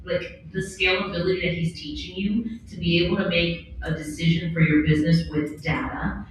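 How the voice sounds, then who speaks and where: A woman speaking candidly and bluntly on a conference panel, with an animated way of talking. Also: on the low side, normal speed, a little hiss or hum. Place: large event hall on a stage. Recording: echoey hall from far off.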